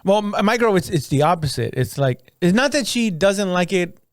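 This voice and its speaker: 男性，说话起伏很大，音调偏高，录音很干. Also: male voice, high-pitched, moderate pace, no echo, clean studio sound. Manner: crude, laughing, animated storytelling. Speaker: podcast co-host. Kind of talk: casual comedian chat.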